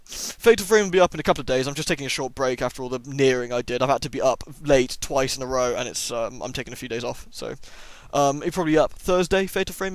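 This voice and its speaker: A man's voice: a little high, dry recording. A man who has a cold, chatting enthusiastically through a casual first-impressions game review with plenty of ums. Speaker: gaming YouTuber.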